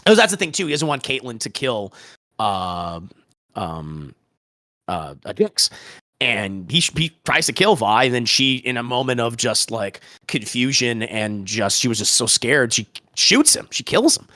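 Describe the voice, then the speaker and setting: Male podcast host, animated and casual, bright tone, dry close sound. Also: medium pitch, unhurried, dry recording. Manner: excitable, swears, retells scenes with many restarts. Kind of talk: casual podcast review chat.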